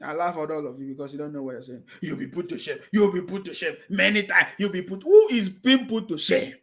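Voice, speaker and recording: A man's voice: a little high, steady tone, fast, fairly bright tone. A man with a Nigerian English accent hosting a live stream, reading viewer comments and scolding his critics with repeated mocking taunts. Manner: reads viewer comments aloud.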